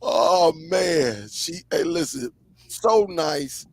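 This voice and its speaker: A man hosting a live stream, telling stories in a lively, casual way, stretching words for emphasis. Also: high voice, creaky, no room sound. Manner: lively storyteller, drawn-out emphasis, frequent laughs. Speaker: host. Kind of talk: casual chat.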